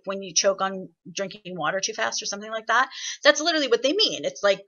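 A woman leading an online singing workshop, chatty and encouraging, explaining with lively examples over a video call. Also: medium pitch, fast, muffled recording. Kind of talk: online voice lesson.

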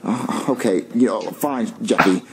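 A man's voice: fairly low pitch, measured pace, a loud crowd, lightly acted. A man playing a meek, flustered father who talks hesitantly and stammers.

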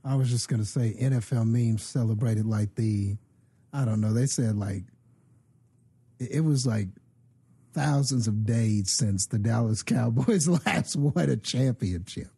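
A man's voice: medium pitch, unhurried, creaky, dark tone, slightly rough. A man co-hosting a podcast in casual chat, rambling and hesitant as he talks. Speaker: podcast co-host.

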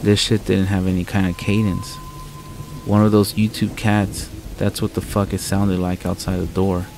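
A man's voice: sits low, little pitch movement, moderate pace, gravelly, background noise. A man narrating a true horror story in the first person, blunt and full of swearing. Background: soft music and rain sounds.

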